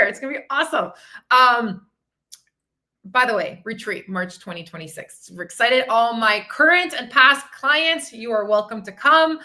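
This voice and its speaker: An upbeat woman hosts a live motivational session as a fitness and mindset coach. Her voice is bright and forward, sitting a touch high. She chats freely with viewers and reads their comments aloud as she goes. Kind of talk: live-streamed motivational talk.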